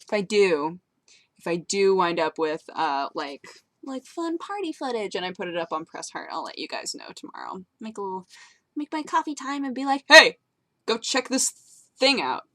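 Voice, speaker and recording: A woman's voice: medium pitch, very animated, moderate pace, no room sound. A young woman vlogging to her viewers in a bubbly, rambling way, giggling as she tells a story. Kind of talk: casual chat to camera.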